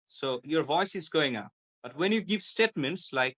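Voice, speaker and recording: A man's voice: a little high, animated, measured pace, a bit bright. A man with a British accent explaining pronunciation as a guest, repeating example words to show stress and intonation. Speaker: guest English pronunciation speaker. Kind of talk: explanatory conversation.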